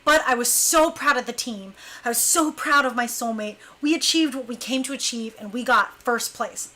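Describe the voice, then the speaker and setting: A young adult woman casually telling a story about her dance crew, animated and laughing often as she acts out what others said. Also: a little high, normal speed.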